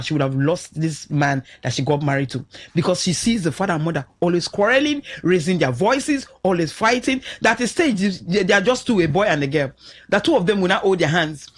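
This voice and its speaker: Nigerian lady on a radio talk show, husky-ish voice, super lively pitch, acts out little stories. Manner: animated storyteller, acts out quotes with shifts of voice. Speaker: radio guest on parenting. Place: radio studio.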